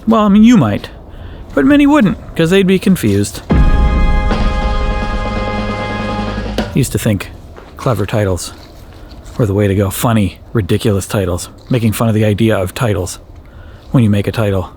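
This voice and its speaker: A man's voice: very animated, normal speed, pauses often, over music. Rambling Wisconsin man vlogging in a backyard. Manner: rambling, self-correcting, playful, with big jumps up in pitch. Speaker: YouTuber. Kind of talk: casual vlog chat. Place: outdoors in a backyard.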